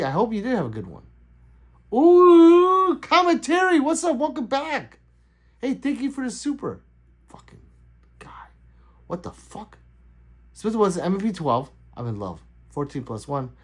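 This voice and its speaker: A man's voice: sits high, husky. A middle-aged man hosting a casual livestream, laughing easily and answering his chat as it comes in. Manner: loose, laughing, chatty, reading out chat. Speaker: livestream host.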